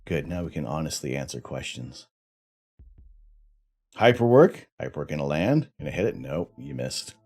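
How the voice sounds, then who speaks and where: A man's voice: a bass voice, very animated, normal speed, long pauses, darkish tone, breathy edge. A middle-aged Canadian man hosting a live stream, chatty and self-mocking, laughing often as he reads out explanations and answers chat. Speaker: livestream host.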